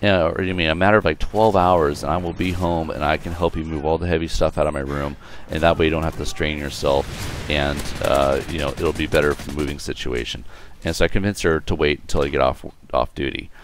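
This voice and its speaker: A young man with an extremely low voice tells a story casually while commenting on gameplay. He swears freely and rambles, filling gaps with lots of fillers. A faint hum sits under his voice. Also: steady tone, fairly quick. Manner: profane, rambling, many fillers. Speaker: gaming video creator.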